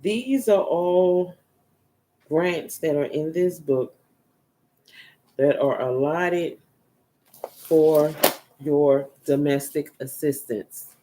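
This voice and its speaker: With a low, dark voice, extremely slow and full of pauses, a spiritual reader offers a casual energy reading. She rambles and repeats herself, her words fading into murmurs while she hunts through a book.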